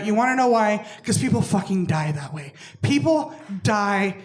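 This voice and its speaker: A woman's voice: medium pitch, expressive, normal speed, reverberant. A young adult woman doing a stand-up routine on a comedy club stage, brash and swearing, acting out other people with big jumps in her voice.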